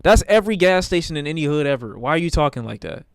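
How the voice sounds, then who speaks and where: A man's voice: fairly high pitch, big pitch swings, fast talker, clean tone, no room sound, studio quality. A man streaming live, reacting to videos with blunt, profane, rambling commentary in a casual way.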